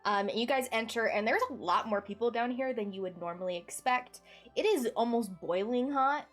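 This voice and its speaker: Relaxed woman game master narrating. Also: fairly high pitch, moderate pace, soft background music. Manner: relaxed, meandering scene description.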